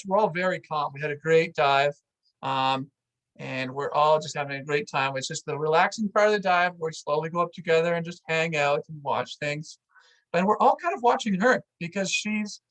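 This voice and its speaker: A vlog host telling a story out loud in a casual, animated way, full of "like"s and acting out what others said. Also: medium pitch, rough recording. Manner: animated, filler-heavy with many "like"s, acts out what people said.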